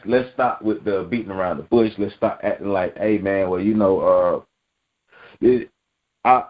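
A man's voice: fairly low pitch, dull audio. A man giving casual sports talk commentary, blunt and slangy, hammering his points with repetition.

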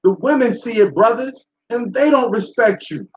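A man's voice: very high-pitched, lively intonation, moderate pace. A man hosting a talk show, delivering a blunt, profane, preachy monologue to his listeners. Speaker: show host. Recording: echoey room, dull sound.

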